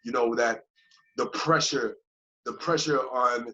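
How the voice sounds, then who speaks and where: A yoga teacher appearing as a podcast guest talks casually and reflectively in a medium-pitched voice at a slow pace, on a dull lo-fi recording. He loops back on himself, keeps asking "you know what I mean," and acts out his own past thoughts in lively quoted voices.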